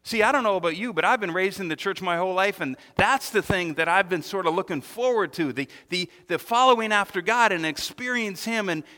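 A man preaching in a church, his voice high and bright with a forward edge. He talks in an animated way, stumbles and repeats words, and acts out the people he quotes. A long hall reverb trails after his phrases. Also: brisk, hardly any pauses. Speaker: pastor. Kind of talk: sermon.

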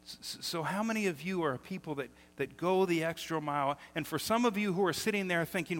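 Middle-aged guy preaching, stumbles over his starts, slightly high voice, big church reverb. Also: fast talker, few pauses. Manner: animated storytelling, repeats words when starting sentences. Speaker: pastor. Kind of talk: sermon. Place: church sanctuary. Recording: long hall reverb.

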